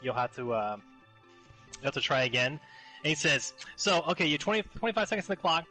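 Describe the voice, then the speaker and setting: A man joining a casual podcast chat, telling a story in a relaxed, low-key way. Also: a little fast, soft background music.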